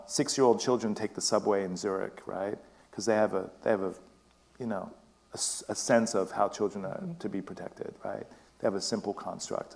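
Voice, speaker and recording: Casting: man, British West Indian accent, lowish voice, rambling stage talk. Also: gravelly, darkish tone. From Britain. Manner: discursive, restarts phrases, laughs often. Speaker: guest speaker. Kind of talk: casual public talk. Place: event stage before an audience.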